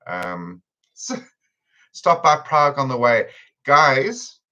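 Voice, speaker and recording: A man's voice: mid-range voice, very animated, slow, bright, forceful tone, poor audio. A man with a South African accent hosting a live cooking stream in a chatty, teasing way, laughing often. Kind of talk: casual chat on a livestream. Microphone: computer camera on a video stream.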